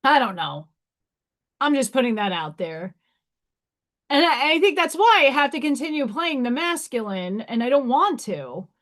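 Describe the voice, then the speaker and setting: A woman's voice: sits high, big pitch swings, normal speed, fairly bright tone. A woman from New York hosting a casual livestream, talking frankly and emphatically to her viewers. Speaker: livestream host.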